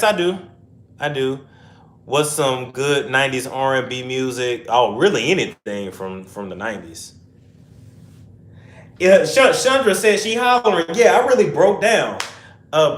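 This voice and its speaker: A young man hosting a casual livestream chat, reading viewer comments aloud and answering in rambling asides. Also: on the high side. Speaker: host. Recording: echoey room.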